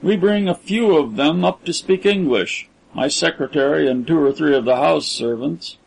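A man's voice: a little high, moderate pace, vocal fry, breathy edge, rough recording. A man voicing a haughty, cold rich older man who speaks in a clipped, lordly way.

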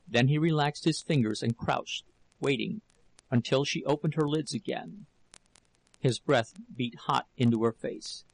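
Slow, gravelly male audiobook narrator. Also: mid-range voice, rough recording. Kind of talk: scripted narration of a classic novel.

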